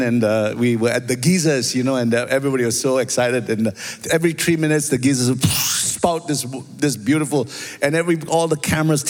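A pastor with a Singaporean accent, preaching a sermon and telling stories, often asking "amen?" and "right?". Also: male voice, on the high side. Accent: Singaporean English. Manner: storytelling, animated, repeats phrases, asks "amen?" and "right?". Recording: long reverb of a large hall.

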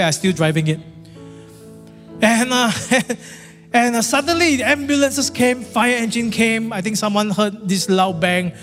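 A middle-aged pastor, telling a story in a sermon in an animated, repetitive, dramatic way, recorded in a large church hall. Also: male voice, high-pitched. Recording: long church reverb, faint music.

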